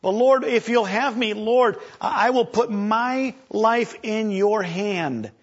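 A man preaching an animated sermon, acting out scripture voices and stammering for effect. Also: sits high, slow pace. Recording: dull lo-fi recording.

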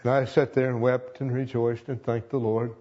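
A man's voice: mid-range voice, little pitch movement, moderate pace, mellow, highs cut off. A man in his seventies, a longtime pastor, telling a personal testimony with earnest emotion and repeating phrases for emphasis.

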